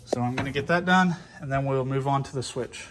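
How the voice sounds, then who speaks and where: A man's voice: mid-range voice, fairly quick, background noise. Easygoing man explaining a truck install. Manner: casual, step-by-step explaining. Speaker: car channel host. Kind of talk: hands-on DIY install walkthrough. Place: vehicle workshop.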